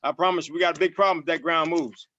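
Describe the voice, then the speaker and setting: A man coaching football players in a virtual session, energetic and repetitive. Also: on the high side, quick pace, dull audio.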